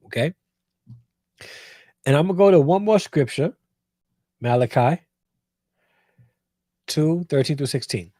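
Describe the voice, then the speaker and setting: A man's voice: mid-range voice, normal speed, long pauses, warm tone, no room sound. A man hosting a show, giving emphatic Bible commentary and repeating phrases for weight. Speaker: host.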